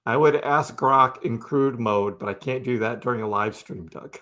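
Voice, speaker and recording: Speaking at medium pitch and moderate pace, this man sounds pushed and bright. He runs a casual crypto stream, chatty and relaxed, frequently laughing and answering people in chat by name.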